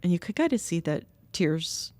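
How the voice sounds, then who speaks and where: A middle-aged woman telling stories in conversation, candid and lively, acting out what others said. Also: fairly low pitch, normal speed, dry recording. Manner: candid, animated quoting of others. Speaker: guest, nonprofit co-founder. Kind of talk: conversational storytelling. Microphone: podcast microphone.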